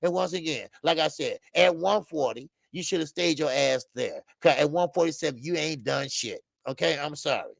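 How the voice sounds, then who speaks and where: A man's voice: on the high side, normal speed, gravelly, few pauses, dry recording. A man hosting a live boxing stream, talking bluntly and repetitively to his chat, often swearing. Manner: blunt, repetitive, animated, profane. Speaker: boxing show host.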